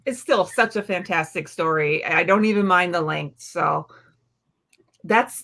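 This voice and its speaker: A woman librarian guest in a casual chat, easygoing and quick to laugh. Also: lowish voice, a bit bright.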